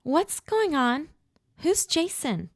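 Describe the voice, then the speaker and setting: A woman narrator voicing a sick young woman who speaks in a shaky, pleading, higher voice. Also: very animated, takes it slowly, no echo, studio quality, full character voice. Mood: bewildered.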